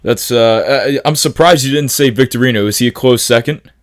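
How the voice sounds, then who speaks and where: A man's voice: medium pitch, a little fast. A man hosting a casual interview, friendly, reading plugs for his guest at the close. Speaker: interview host.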